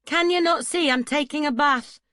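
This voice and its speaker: A woman voicing a flustered young woman disguised as a boy, protesting in shrill, panicky bursts. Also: very animated, normal speed, a bit bright, no echo, clean studio sound. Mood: tart.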